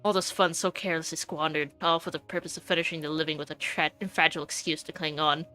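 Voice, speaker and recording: A woman voicing a scornful, cold older male scientist in a game, speaking in a contemptuous, measured, clipped way. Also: low voice, little pitch movement, sharp tone, faint music behind.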